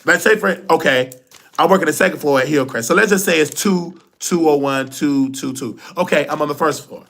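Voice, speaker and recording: A man hosting a live stream show, telling a personal story in an animated, colloquial and emotional way. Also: a little high, fairly quick, creaky. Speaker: livestream show host.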